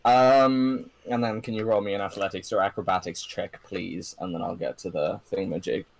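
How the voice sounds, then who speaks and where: Halting man running a tabletop game. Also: low-pitched, steady tone, gravelly. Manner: hesitant, full of ums and restarts. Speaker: game master.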